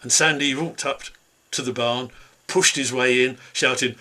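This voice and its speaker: A man telling a traditional folk tale aloud in a lively, dramatic way over a video call, from a home room. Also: medium pitch, fairly quick. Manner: lively, dramatic, voices characters. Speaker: storyteller. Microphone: computer mic on video call.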